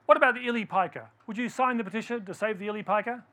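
A man's voice: high-pitched, rapid-fire, pushed and bright, a little hiss or hum. A man giving a storytelling talk to a live audience, quizzing listeners with questions as he tells the story.

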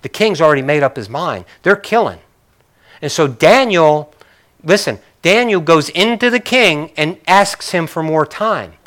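A man's voice: on the high side, lively intonation, unhurried, fairly bright tone. A male pastor preaching a sermon in a conversational way, with joking, apologetic asides to his congregation.

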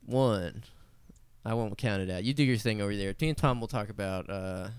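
A man's voice: lowish voice, normal speed, smooth, no room sound. A man co-hosting a podcast, joking and bantering in casual chat. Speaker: podcast co-host.

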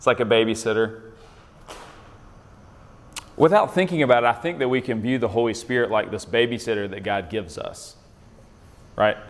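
A man's voice: mid-range voice, normal speed, pauses often, big-room sound. A man leading an interactive Bible lesson in a conversational way, often quizzing his listeners with questions. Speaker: Bible study leader.

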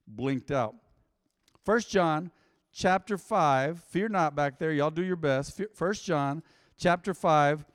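A man preaching a sermon to a congregation, calling for responses and swinging between loud and quiet. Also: fairly high pitch, no room sound, studio quality. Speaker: pastor. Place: church with live congregation.

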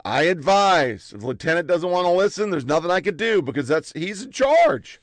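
A man telling army stories in a blunt, profane, animated way. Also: high-pitched, normal speed, no room sound. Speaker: army veteran recounting stories. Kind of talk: profane casual storytelling.

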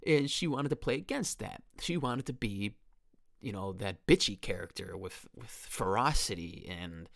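Recorded dry and clean in a studio, this man in his twenties has a deep, gravelly, somewhat bright voice at normal speed. Hosting a casual film podcast, he enthuses about a horror movie in a rambling way, with restarts and quoted lines.

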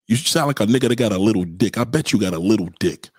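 Husky, profane New man ranting. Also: on the low side, lively intonation, fast, no echo. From Brooklyn, New York. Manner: profane, mocking, loud bursts of insults. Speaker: livestreamer. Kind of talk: trash-talking livestream rant.

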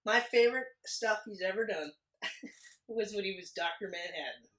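A man's voice: high-pitched, fairly bright tone. A man co-hosting a podcast, chatting casually and jokingly about a movie, rambling and laughing often. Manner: jokey, rambling, quick to laugh. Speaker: podcast co-host. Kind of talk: casual movie review chat. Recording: echoey room.

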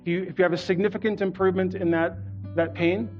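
A man's voice: sits high, steady tone, fast. A man preaching a sermon as a guest in a church, earnest and leading the congregation to repeat phrases after him. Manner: earnest, leads congregation in call-and-response. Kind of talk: sermon with prayer. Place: church auditorium. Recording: muffled church recording with soft music.

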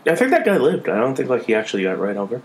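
A man's voice: mid-range voice, wildly swooping pitch, rapid-fire, a little hiss or hum. Dry sarcastic podcast guy. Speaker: podcast co-host. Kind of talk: casual chat.

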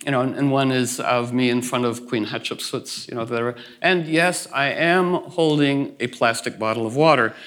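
A man's voice: mid-range voice, normal speed, hardly any pauses, a bit bright. A man giving a casual talk to a group, rambling with many restarts and fillers, and laughing through his funny stories. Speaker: speaker at a gathering.

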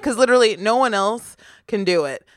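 A woman's voice: medium pitch, animated, fairly quick. A woman, co-hosting a podcast in rambling, casual chat full of fillers. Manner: rambling, many fillers, laughing. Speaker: podcast co-host.

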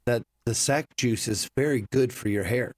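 A man's voice: medium pitch, moderate pace, no echo, studio quality. A man playing a tabletop role-playing game in character, polite and formal, addressing others as sir. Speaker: tabletop player.

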